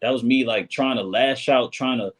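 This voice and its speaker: A man speaking as a guest on a casual podcast, in a husky, mid-pitched voice. He talks earnestly and with emphasis, circling back to repeat his points. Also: moderate pace.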